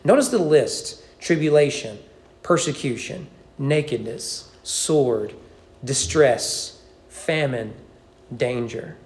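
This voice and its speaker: A man preaching an evening sermon in church, emphatic, with frequent restarts and high peaks on key points. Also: animated, slow pace, a little mellow. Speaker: pastor. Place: church sanctuary.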